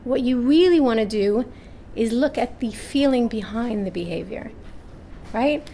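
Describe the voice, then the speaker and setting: A woman with a fairly high voice takes an unhurried pace while telling parenting anecdotes at a live seminar in front of an audience. An animated storyteller, she acts out voices and frequently checks in with "right?" Slight background noise is present.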